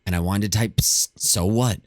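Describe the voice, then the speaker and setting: A man voicing a jumpy, whiny young male daredevil who talks in a high, strained, complaining way. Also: moderate pace, no echo, lightly acted.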